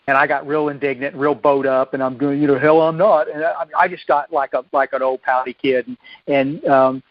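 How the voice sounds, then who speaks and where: A man telling his recovery story at a meeting, folksy and self-deprecating, often halting and restarting his sentences. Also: medium pitch, fairly even intonation, dry recording. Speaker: recovery speaker. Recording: dull lo-fi dry recording.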